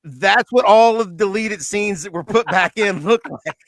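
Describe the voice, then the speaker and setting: A male podcast co-host with a notably high voice talks in loose, animated chat, filling his story with "like" and quick laughs. The sound is dry and close, with no room around him. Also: dry recording. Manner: animated retelling with frequent laughs and fillers. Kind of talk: casual chat.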